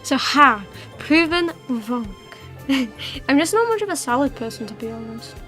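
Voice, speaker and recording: A woman's voice: sits high, sing-song, normal speed, sharp tone, soft background music. A young woman hosting a livestream, chatting casually with her viewers in a rambling way full of fillers and restarts. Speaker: livestream host. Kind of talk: casual chat with viewers while streaming.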